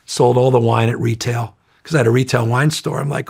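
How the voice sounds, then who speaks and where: Middle-aged guy, raspy and gravelly, swears a lot, energetic rambling interview talk. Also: medium pitch, brisk. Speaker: interview guest. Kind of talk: casual storytelling interview.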